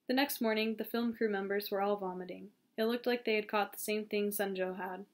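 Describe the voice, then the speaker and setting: A woman reads a novel aloud in a calm, steady voice at an ordinary pitch. She sometimes trips over a word and starts the phrase again. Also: a little fast. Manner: calm, steady reading with small slips and restarts. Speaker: audiobook reader.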